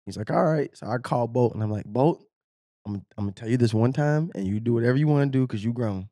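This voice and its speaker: Animated laughing storyteller, a man. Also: mid-range voice, fast talker, dry recording. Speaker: podcast co-host, former sprinter. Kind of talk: casual storytelling chat.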